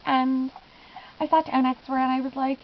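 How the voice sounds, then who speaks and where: A woman's voice: sits high, flat delivery, normal speed, dull audio, a little hiss or hum. A young woman telling a giggly, gushing story in a casual vlog, often acting out what she said. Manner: gushing, giggly, lots of "I was just like". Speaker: fan vlogger.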